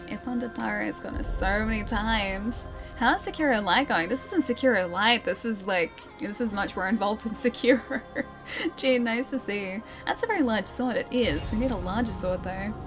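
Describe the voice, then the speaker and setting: An Australian woman streaming a game live, chatting playfully, laughing often and answering her chat. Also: mid-range voice. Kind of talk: live gameplay commentary, reading chat.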